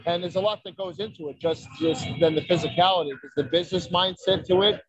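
A man's voice: sits high, fairly even intonation, quick pace, breathy edge, no room sound, faint music behind, rough recording. A man, a wrestler telling brash, profane stories in a casual podcast chat. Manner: brash, profane, boastful storytelling. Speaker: wrestler guest.

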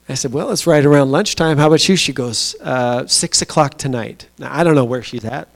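Man preaching in an easy storytelling way. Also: medium pitch. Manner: storytelling, conversational with pauses and fillers. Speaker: pastor. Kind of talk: sermon. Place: small church.

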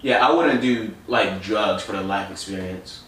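A man's voice: lowish voice, moderate pace, fairly bright tone. A young man co-hosting a casual podcast chat, blunt and insistent, using street slang. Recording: echoey room, far from mic.

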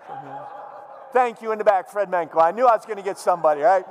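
Animated, joking male preacher. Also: sits high, quick pace, big-room sound, faint music behind. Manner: animated, humorous, jokes with the audience. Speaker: pastor. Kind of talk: sermon.

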